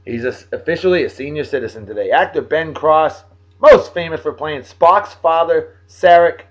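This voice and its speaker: A man hosting a daily video show, reading out shout-outs to viewers in a jovial, folksy way with lively swings in his voice. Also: normal speed, dull audio. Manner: jovial, folksy, animated, big pitch swings. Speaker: host of a daily beer and song video show. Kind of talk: casual shout-outs monologue.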